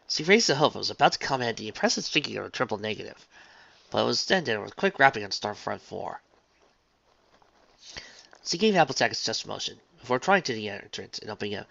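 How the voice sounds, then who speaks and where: A reader narrating a fan-written pony story in a lively, animated delivery, on a dull lo-fi recording. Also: mid-range voice, quick pace, gravelly, dry recording.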